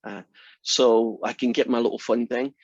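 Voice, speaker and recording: A man's voice: medium pitch, moderate pace, dry recording. Scottish male math instructor, dry teasing wit, close dry sound, muffled lo-fi recording. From Scotland. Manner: dry teasing humor, relaxed and chatty. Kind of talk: classroom lecture.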